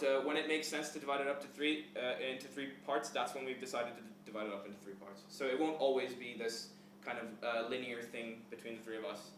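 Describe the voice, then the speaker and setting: A man's voice: a little high, a bit bright, slight background noise. Young man lecturing in an echoey hall. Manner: casual, explains step by step with fillers. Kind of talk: classroom lecture with live coding demo. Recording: echoey hall, mic at a distance.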